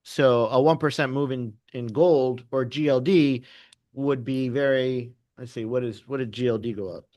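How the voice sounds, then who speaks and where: A man who trades options, chatting casually and telling animated stories. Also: medium pitch, normal speed, no room sound. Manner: animated storyteller, laughs often, acts out quotes. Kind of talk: casual trading chat.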